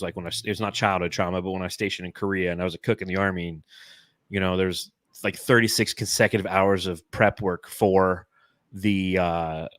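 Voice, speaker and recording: A man's voice: low voice, a bit bright, no echo, clean studio sound. A man in his forties from Phoenix, co-hosting a casual sports podcast and telling rambling, profane stories full of fillers. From Phoenix, Arizona, US. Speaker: podcast co-host.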